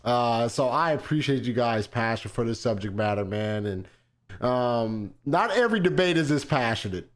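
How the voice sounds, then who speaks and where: A relaxed man moderates a debate in a casual, friendly tone. His voice sits at an ordinary middle pitch. He often drops a loose "man" at the end of his sentences. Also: moderate pace. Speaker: debate show host.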